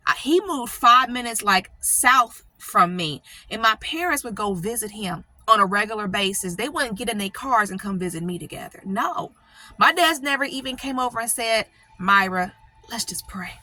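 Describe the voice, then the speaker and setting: A middle-aged woman speaks in a personal vlog with a bright, sharp voice. The sound is dry and close. She is emotional and near tears, and she rambles and keeps checking in with "right?" and "you know.". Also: a little high, no room sound. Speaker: channel host.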